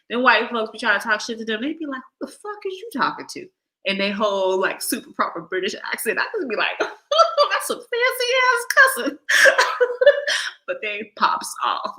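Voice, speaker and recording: Brash, bright-voiced woman live-streaming. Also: lowish voice, poor audio. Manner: brash, profane and playful, laughing often. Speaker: live stream host reading viewer chat. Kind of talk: casual live-stream chat. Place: living abroad, streaming live from home.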